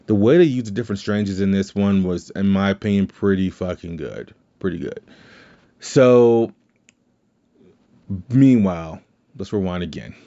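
A man with a lowish voice recaps a movie in a loose, rambling way, dropping in quoted lines as he goes. The recording sounds dull and lo-fi. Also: a little slow, pauses often, mellow. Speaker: podcast host.

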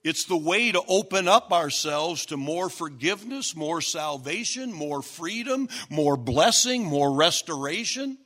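A man preaching a sermon in a high, bright, ringing voice. He takes his time, lets phrases stack up one after another, and pushes up into shouts for emphasis. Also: animated, a little slow, few pauses. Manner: emphatic, rising to shouts at key points.

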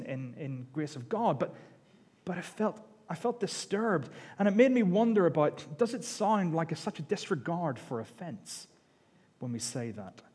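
A man's fairly high voice, darkish in tone with a breathy edge, carries a sermon through the long echo of a big church hall. His delivery is conversational and self-deprecating, with frequent repetition of his words.

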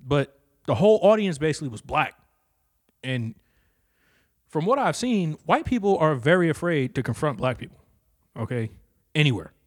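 Alone on his podcast, a young male host talks in a casual, crude, meandering monologue into a stand-up comedy handheld mic set on a stand. His voice runs on the high side with big pitch swings, a moderate pace and frequent pauses, captured dry in studio quality.

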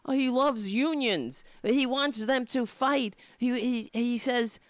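A woman's voice: a little high, takes it slowly, dry recording, clean studio sound. A woman ranting to camera, indignant and rambling, with frequent restarts and swearing. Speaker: political vlogger. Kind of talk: casual ranting monologue to camera. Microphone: camera mic.

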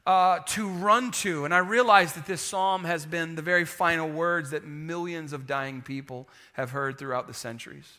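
Bright-voiced animated male preacher. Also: on the high side, moderate pace, hardly any pauses. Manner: animated, call-and-response preaching with humor. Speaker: pastor. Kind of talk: sermon.

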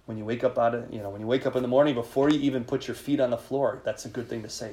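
A priest speaking in a conversational sermon to a live group, leading them in call-and-response. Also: male voice, medium pitch, steady tone, rapid-fire, few pauses, warm tone, a little hiss or hum. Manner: informal, leads call-and-response with listeners.

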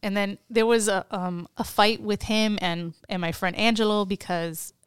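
A woman's voice: mid-range voice, fairly even intonation, normal speed, clear, resonant tone, no echo, clean studio sound. A woman, co-hosting a casual podcast and telling stories full of swearing and acted-out quotes. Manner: profane, storytelling with acted-out quotes. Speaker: podcast co-host. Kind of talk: casual chat.

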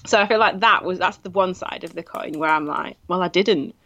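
A woman's voice: fairly low pitch, brisk, a bit bright, no room sound, lo-fi sound. A woman co-hosting a casual chat, rambling with restarts and laughing often. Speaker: podcast co-host.

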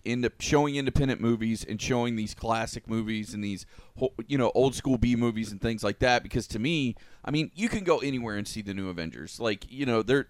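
Man, show host, casual halting chat, mid pitch, dry close sound. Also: smooth, dry recording. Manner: halting, repeats words while gathering thoughts.

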